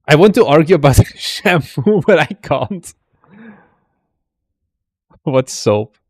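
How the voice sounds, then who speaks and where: A man hosting a stream casually comments on viewers' desk setups, chatty and teasing as he thinks aloud while reacting to videos. His voice is a little high, animated, and slow, captured in a dry, studio-quality recording.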